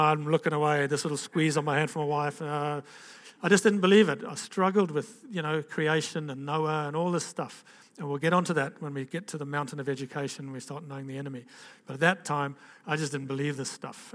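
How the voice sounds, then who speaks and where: An older man, telling his life story as a chatty, animated testimony. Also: a little high. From Africa. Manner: animated, chatty storytelling with lively quoted voices. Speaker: speaker giving testimony.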